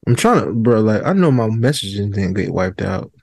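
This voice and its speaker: Relaxed young male podcast host, dry sound. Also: on the low side, moderate pace, gravelly, no room sound. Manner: relaxed, conversational, trailing off and restarting. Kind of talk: casual chat.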